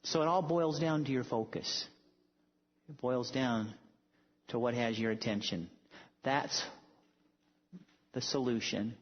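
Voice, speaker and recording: A man's voice: medium pitch, slow pace, pauses often. A male preacher giving a sermon, telling stories emphatically and building to bold declarations. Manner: emphatic storytelling, rising to declarations. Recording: echoey hall, dull lo-fi sound.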